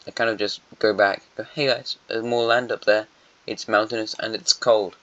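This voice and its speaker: On a dull lo-fi recording, a man with a lowish, steady voice and a slightly bright tone talks at a moderate pace. His casual, wandering commentary covers an alternate-history map, with plenty of thinking aloud and self-correction.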